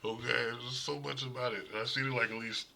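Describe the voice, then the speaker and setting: A man's voice: mid-range voice, steady tone, fairly quick, gravelly, bright, forceful tone, poor audio. A man casually reviewing horror movies in a blunt, profane, rambling way, often restarting his sentences.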